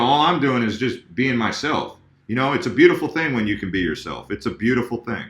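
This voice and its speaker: A man's voice: mid-range voice, sharp tone, reverberant. A man hosting a casual video about crypto charts and talking straight to his viewers, often correcting himself mid-sentence. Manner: chatty, addresses viewers directly, self-corrects.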